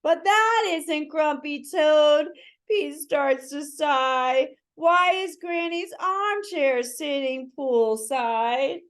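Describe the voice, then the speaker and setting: A woman reading a picture book aloud to children, pausing to ask listeners to fill in the words. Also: sits high. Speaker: children's story reader.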